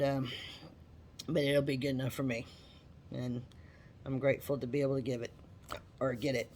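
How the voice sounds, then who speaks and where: A woman talking casually to her viewers, chatty and animated, often repeating herself. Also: low voice. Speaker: vlogger. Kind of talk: casual talk to camera.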